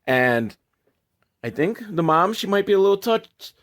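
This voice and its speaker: Animated, profane male movie reviewer. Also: high voice, unhurried. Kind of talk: comedic movie recap commentary.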